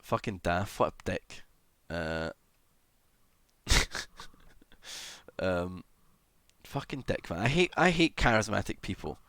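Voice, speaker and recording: A man's voice: low-pitched, sing-song, takes it slowly, long pauses, a bit bright, no echo. A young adult man livestreaming and chatting casually, rambling and self-deprecating, swearing often and humming idly between thoughts. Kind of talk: casual live-stream chat.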